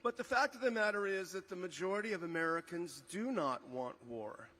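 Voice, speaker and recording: Middle-aged man, slightly higher voice, rally speaker outdoors, emphatic delivery with fillers. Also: animated, fairly quick, sharp tone. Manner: emphatic, repeats key figures, frequent uh fillers. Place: outdoor rally on a memorial ground.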